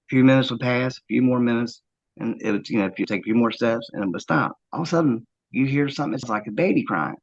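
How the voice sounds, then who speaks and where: A man earnestly recounting a first-hand encounter, halting often with fillers as he tells it. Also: mid-range voice, vocal fry, dull audio. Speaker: eyewitness interviewee.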